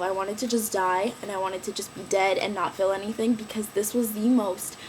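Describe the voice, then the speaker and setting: Fast-talking young woman vlogger. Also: on the high side, a little hiss or hum, poor audio. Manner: animated, slangy, acts out quotes in raised voices. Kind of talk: casual storytelling vlog.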